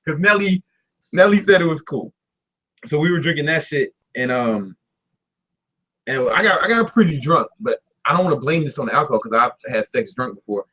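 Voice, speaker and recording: A young man telling a story in casual talk, animated and laughing, doing voices for the people in it. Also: a little high, brisk, breathy edge, highs cut off. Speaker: guest storyteller.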